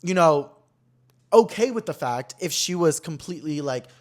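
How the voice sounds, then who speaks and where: This is a young man hosting a podcast, with a voice that sits a bit higher than most men's. He chats in a casual, animated storytime manner. He leans into the drama and fills his sentences with "like.". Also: moderate pace. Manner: animated, dramatic retelling full of "like" fillers. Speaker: podcast host.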